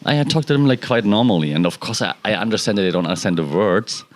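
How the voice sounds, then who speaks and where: Low-voiced man chatting about his cats. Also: quick pace. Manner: relaxed, rambling, talks to his cats mid-sentence. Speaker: podcast host and cat owner. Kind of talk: casual solo chat. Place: balcony at home.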